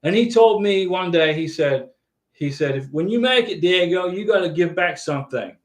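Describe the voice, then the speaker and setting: An older man in his sixties chats on a live stream in an earnest, folksy way, repeating himself and tagging his lines with "okay". His voice sits fairly high for a man. The room around him is echoey. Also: animated, moderate pace. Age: 60s. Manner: earnest, repetitive, folksy, tags lines with 'okay'. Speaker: host of an immigration advice live stream. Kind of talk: casual live-stream chat.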